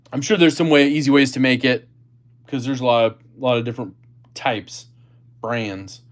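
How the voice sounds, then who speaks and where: A man hosting a casual livestream, chatting about gear and reading viewer comments aloud. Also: medium pitch. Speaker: livestream host.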